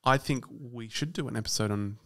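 A man's voice: mid-range voice, fairly quick, fairly bright tone. A man co-hosting a podcast, reading out listener emails and adding brief, friendly interjections. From Australia. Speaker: podcast co-host.

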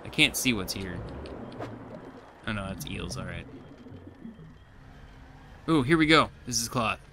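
A man's voice: on the low side, lively intonation, measured pace, noisy background. A man giving casual let's play commentary as he plays, chatty and talking to himself, with frustrated outbursts. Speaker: gameplay streamer.

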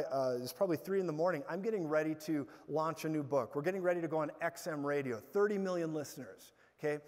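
High-voiced man preaching in a hall. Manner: animated storytelling with bursts of loud laughter. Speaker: guest preacher. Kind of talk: sermon. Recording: hall reverb.

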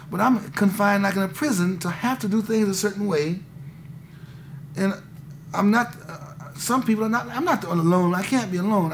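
Casting: man in his thirties, high and gravelly, rambling confessional interview on hissy old tape. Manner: rambling, intense, restarts often, says "man". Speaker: interviewee, musician. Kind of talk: candid conversation.

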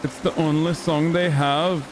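A man's voice: a little high, steady tone, a little slow, over music. A male streamer giving joking, self-mocking commentary while playing a video game. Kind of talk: gaming livestream commentary.

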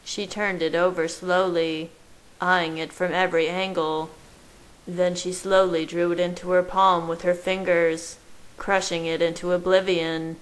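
A woman reading fan fiction aloud in a slow, gentle, measured way, narrating from a man's point of view. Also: fairly low pitch, little pitch movement, rough recording. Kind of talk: storybook narration read aloud.

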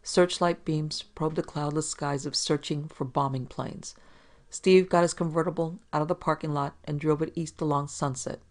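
A podcast narrator reading a 1940s crime story in an even, measured way. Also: mid-range voice.

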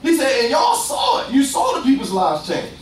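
A young man preaching a lively, conversational sermon, acting out voices and laughing often. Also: very high voice, normal speed, raised voice, slight background noise. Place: church. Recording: echoey distant room sound.

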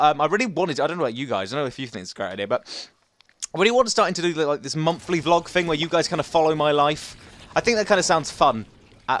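A young man giving casual, excitable commentary over gameplay. He yelps and chatters at the game as he plays. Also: on the high side, a little hiss or hum. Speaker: gaming commentator.

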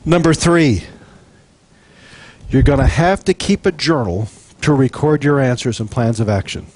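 A man preaching a sermon, animated and chatty, acting out little scenes and chuckling between points. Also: mid-range voice, unhurried. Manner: animated, jokes and acts out quotes. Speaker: pastor.

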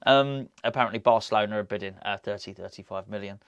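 A man's voice: lowish voice, fast, clean tone, no echo, highs cut off. A man hosting a football chat, talking casually and rambling with restarts and fillers. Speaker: football podcast host. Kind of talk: casual solo commentary.

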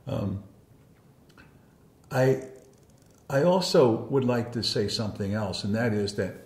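Looking back on his days leading encounter groups, a man reminisces with heartfelt apology, rambling and frequently starting sentences over. His voice is on the low side, heard in a reverberant recording.

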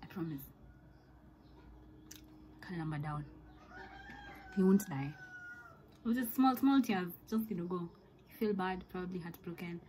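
A young woman with a Kenyan accent telling a story to camera as a vlogger, animated and dramatic, mixing in Swahili slang. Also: lowish voice, measured pace, pauses often, a little hiss or hum, poor audio. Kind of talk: storytime monologue.

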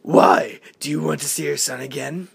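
A man playing a gloating male villain who taunts an old rival with slow, mocking lines, in an amateur audition. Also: on the high side, level tone, no room sound, full character voice. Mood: taunting. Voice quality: gravelly. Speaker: audition actor.

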